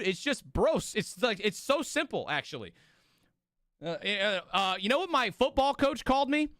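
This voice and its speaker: Animated, high-voiced male streamer, rambling. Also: dry recording, clean studio sound. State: sleepy, yawning. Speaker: streamer hosting a watch party. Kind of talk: casual live-stream chat.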